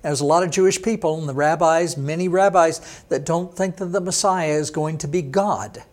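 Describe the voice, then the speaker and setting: Teaching a sermon online, this pastor voices a listener's questions and then answers them himself. His fairly high voice is a little mellow, and he goes slowly through each word, spelling it out.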